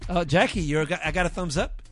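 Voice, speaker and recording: A man's voice: high-pitched, quick pace, a bit bright. A man hosting a talk show, laid-back as he reads announcements and laughing easily. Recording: music bed playing faintly behind.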